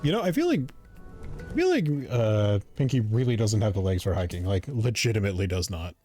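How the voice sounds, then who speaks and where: A man's voice: lowish voice, very animated, a little fast, warm tone, soft background music. A man streaming a game, reacting playfully and with plenty of expression. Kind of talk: casual gameplay commentary.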